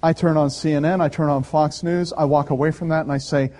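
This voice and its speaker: Male pastor, sermon, emphatic and conversational, slightly higher-pitched voice. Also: steady tone, a little fast. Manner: emphatic, swinging from loud to soft; conversational storytelling.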